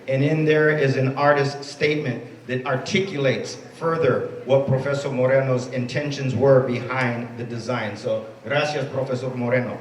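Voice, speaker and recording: Brief: male emcee, smooth introductions, reverberant room, far from the mic. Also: medium pitch, steady tone, moderate pace, hardly any pauses. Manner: warm introductions with Spanish words mixed in. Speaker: master of ceremonies. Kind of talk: emceeing a ceremony. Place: event space at a college.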